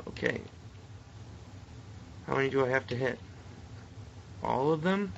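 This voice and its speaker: A young man doing live commentary on a game he is playing, mostly muttering, then breaking into frustrated yells. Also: mid-range voice, expressive, unhurried, gravelly, lo-fi sound, a little hiss or hum. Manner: swings from muttering to frustrated yelling. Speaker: let's play gamer.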